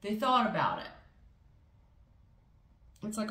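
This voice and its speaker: A woman giving a casual tarot reading in a blunt, profane, animated way, acting out people's feelings as she goes. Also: fairly low pitch, measured pace, reverberant. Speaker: tarot reader.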